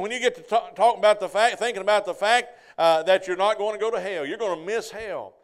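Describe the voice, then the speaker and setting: Brief: high-pitched male pastor, folksy sermon storyteller. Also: clean tone. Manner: folksy storytelling, asks the congregation "Amen?".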